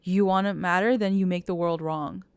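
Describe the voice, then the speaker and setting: A woman's voice: on the low side, steady tone, normal speed, clean tone, dry recording. A woman co-hosting a podcast, chatting casually about a TV episode, agreeing often and asking questions. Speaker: podcast co-host. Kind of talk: casual TV recap chat.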